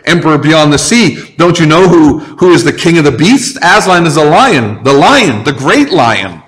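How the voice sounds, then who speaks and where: A man's voice: medium pitch, lively intonation, measured pace, lightly acted. Mr Beaver, a stern talking beaver, read by a man. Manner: stern, insistent.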